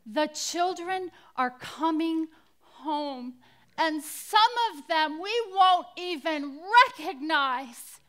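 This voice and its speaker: A woman with a high, bright, ringing voice gives a slow, deliberate inspirational Christian talk. She speaks dramatically, letting her voice fall to hushed near-whispers and then lifting it again. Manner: dramatic, drops to near-whispers for quoted words. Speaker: conference speaker.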